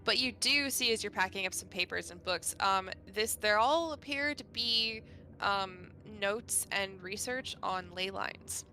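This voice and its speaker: A woman's voice: medium pitch, measured pace, sharp tone, a little hiss or hum. A woman narrating a tabletop game as game master, chatty with many fillers.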